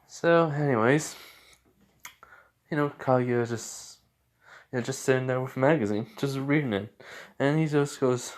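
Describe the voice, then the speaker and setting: Young guy rambling thru a fan story at home, lots of "you know", mid pitch. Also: measured pace, long pauses. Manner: rambling, many fillers, chuckling. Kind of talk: improvised fan-fiction storytelling.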